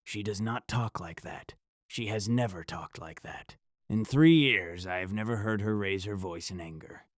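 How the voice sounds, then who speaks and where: A man narrating a first-person horror story in a dramatic, measured delivery. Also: fairly low pitch, no room sound, clean studio sound.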